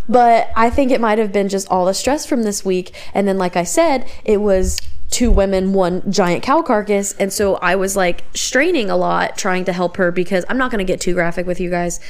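A young adult woman co-hosting a podcast in casual chat, candid and teasing, laughing often. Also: fairly low pitch. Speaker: podcast co-host.

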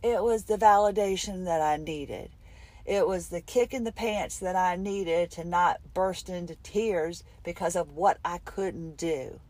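A woman's voice: fairly low pitch, unhurried, darkish tone, dry recording. A middle-aged woman recording a candid, rambling spoken diary for her podcast from her car between appointments. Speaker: podcast host.

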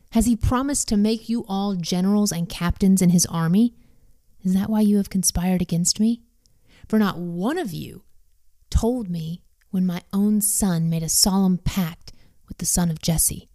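A woman's voice: medium pitch, warm tone, lightly acted. A woman reading the lines of an angry, suspicious older male king who fires accusing questions at his men.

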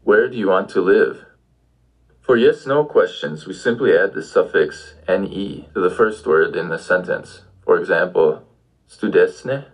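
A man's voice: low-pitched, measured pace, breathy edge, poor audio. A man giving an audio language lesson, patiently prompting the listener with questions. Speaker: language teacher.

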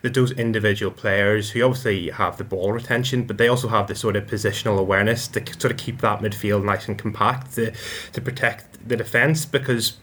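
A man's voice: fairly low pitch, steady tone, fairly quick, few pauses, a bit bright. A man analysing football matches on a podcast, often stumbling and repeating his words. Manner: hesitant, many repeated words. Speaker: football pundit.

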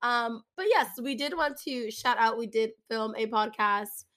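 A young woman co-hosting a podcast, hoarse and raspy from losing her voice, chatting casually with many fillers. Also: on the high side, unhurried, a bit bright. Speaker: podcast co-host. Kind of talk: casual chat.

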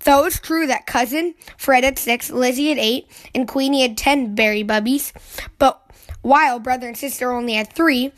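A woman reading a children's picture book aloud, giving the characters lively, excited voices. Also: sits high, normal speed.

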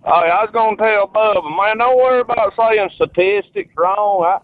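Male caller, loose and joking, high voice, tinny phone line. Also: moderate pace, dry recording. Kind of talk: phone-in comment.

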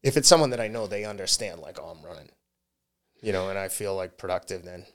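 A man's voice: sits low, fast. A man, a marathon runner talking candidly as a podcast guest, laughing often. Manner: candid, laughs often, slips into quoted voices. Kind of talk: casual interview talk.

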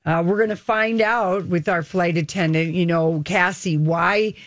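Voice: mid-range voice, steady tone, a little slow, no room sound. A co-host in casual chat, rambling with lots of ums and restarts. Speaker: podcast co-host.

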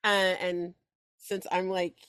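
A woman's voice: on the low side, level tone, takes it slowly, fairly bright tone, smooth, no echo, studio quality. A woman playing a tabletop game, talking hesitantly with lots of ums and likes, and giggling now and then. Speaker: player. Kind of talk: casual tabletop game play.

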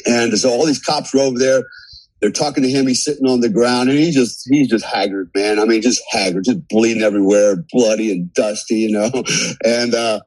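A man talks as a podcast guest with a husky voice and a mid-range pitch. He tells his story in a loose, animated way, cursing and chuckling as he goes. The sound is dry and close. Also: moderate pace, no room sound, low-quality recording. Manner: animated, profane, laughs through his story. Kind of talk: casual storytelling.

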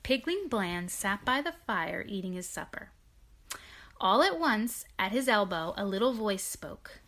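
Woman reading a storybook aloud, mid pitch, pauses, casual asides. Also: sing-song, a bit bright. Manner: reads with long pauses, then explains in casual chat.

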